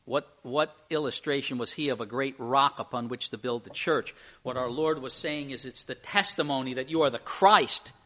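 A middle-aged man preaching a sermon, telling a story with lively, rising emphasis. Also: mid-range voice, normal speed, few pauses.

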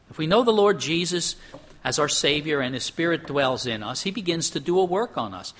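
A middle-aged pastor delivers a sermon in a clear, bright voice that sits a little high for a man. He talks earnestly, pushing up in pitch for emphasis and sinking to a hush on solemn points. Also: lively intonation, a little fast.

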